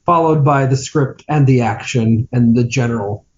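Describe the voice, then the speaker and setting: A man co-hosting a podcast, chatting casually about a film in a sardonic, dismissive way that trails off into low grumbles. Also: normal speed, dull audio. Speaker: podcast co-host. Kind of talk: casual movie-review chat.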